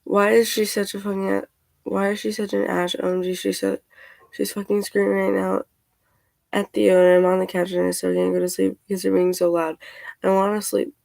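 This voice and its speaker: A woman's voice: mid-range voice, little pitch movement, fairly quick, vocal fry, a little mellow, no room sound, low-quality recording. A young woman vlogging from a couch at home, venting in an exasperated rant and retelling texts in a casual way.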